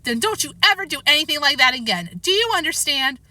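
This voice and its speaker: A woman's voice: sits high, very animated, fast, pushed and bright, pitched above the performer's own voice, heavily acted. A woman voicing a stern but loving mother who scolds her young son firmly in a read-aloud storybook. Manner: firm, scolding.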